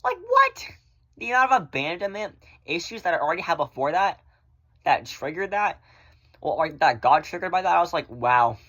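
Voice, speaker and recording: A man chatting casually in a vlog, rambling through viewer questions and swearing freely, often in fast bursts. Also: on the high side, animated, fairly bright tone. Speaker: vlogger answering viewer questions. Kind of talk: casual chat.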